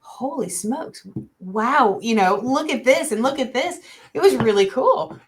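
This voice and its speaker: A woman's voice: on the high side, lively intonation, normal speed, a crowd in the background, rough recording. A woman, a paranormal investigator, talking casually in a group chat. She laughs often and pokes fun at herself. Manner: laughs often, self-deprecating.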